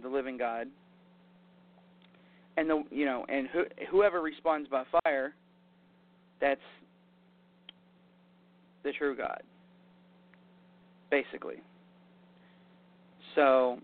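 The voice belongs to a man pitched on the high side, giving a laid-back sermon with scripture reading over a tinny, phone-like line. He talks conversationally, paraphrasing with "basically" and "you know," in a dry recording.

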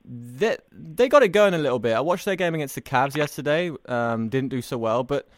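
A man's voice: medium pitch, animated, fairly quick, dry recording, clean studio sound. A man hosting a sports podcast, talking in an upbeat, chatty way. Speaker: podcast host. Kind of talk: casual sports podcast chat.

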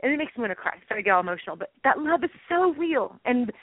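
Woman co-host, casual and bubbly, quick to laugh; dry, tinny phone-line sound. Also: a little high, big pitch swings, dry recording. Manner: bubbly, emotional, laughs often. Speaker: co-host of a Christian comedy show. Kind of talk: casual chat.

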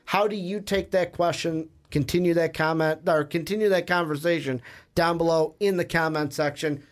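Chatty higher-voiced man hosting a podcast. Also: fairly even intonation, moderate pace. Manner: rambling, chatty, self-correcting. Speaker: podcast co-host. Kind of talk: casual sports podcast chat.

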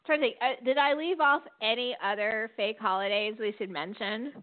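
A woman's voice: a little high, moderate pace, no room sound. A woman co-hosting a casual podcast chat, talking loosely with many fillers and frequent laughs. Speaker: podcast co-host. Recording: dry, phone-like line.

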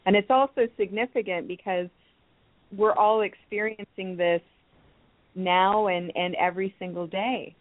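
A gentle, hesitant woman from Canada, pausing often and restarting her sentences as she explains. She comes through a thin, tinny phone line with a dry, close sound. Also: mid-range voice, fairly even intonation, no room sound. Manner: soft-spoken, hesitant, many ums and restarts. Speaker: crystal healing teacher. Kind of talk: phone-in talk show guest.

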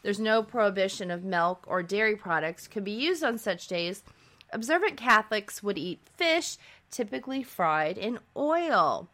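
Bright-voiced female podcast co-host. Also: mid-range voice, lively intonation, moderate pace. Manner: reads facts aloud, friendly back-and-forth. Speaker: nurse practitioner co-host. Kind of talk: conversational podcast talk.

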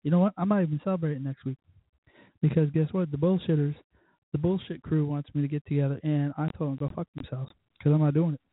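A man with a husky, slightly high voice holds forth in a blunt, profane, exasperated rant. The sound is tinny and phone-like, bone dry with no room around it. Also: fairly even intonation, fast talker, no echo. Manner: blunt, cussing, exasperated ranting. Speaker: podcast host. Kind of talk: profane casual monologue rant.

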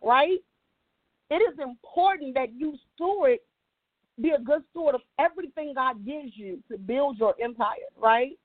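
A woman's voice: sits high, unhurried, dry recording. A woman guest giving a faith-based motivational talk, emphatic, repeating key lines and checking in with "right?". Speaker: guest speaker. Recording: tinny phone-like line, dry.

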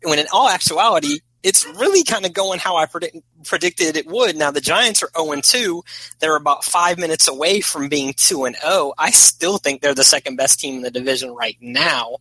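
A man's voice: on the high side, normal speed, bright, forceful tone, no echo, rough recording. A man talking as a podcast guest in casual chat, a rambling, opinionated sports fan.

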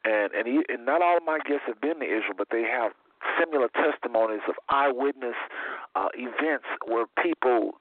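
A man's voice: medium pitch, a little fast, no echo. Male radio host, loose and rambling, heard over a tinny line. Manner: rambling, informal, repeats himself. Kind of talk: casual radio talk. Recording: tinny phone line, dry.

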